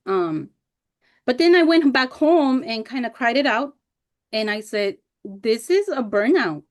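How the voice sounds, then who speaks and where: A woman in her thirties presenting a teacher workshop over a video call, telling personal stories candidly and expressively, sometimes getting emotional. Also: medium pitch. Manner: candid and expressive, acts out past remarks in animated voices; emotional when recalling hard times.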